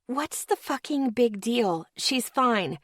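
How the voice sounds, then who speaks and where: A woman's voice: fairly high pitch, expressive, takes it slowly, dry recording, studio quality, pitched above the performer's own voice. A woman voicing a snotty, defensive young woman in an audiobook. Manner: snappish, snotty.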